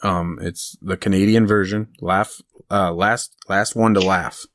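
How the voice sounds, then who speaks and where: Male podcast co-host, very low voice, rambling casual storyteller who laughs at his own bits. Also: fairly even intonation, measured pace, fairly bright tone. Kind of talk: casual chat.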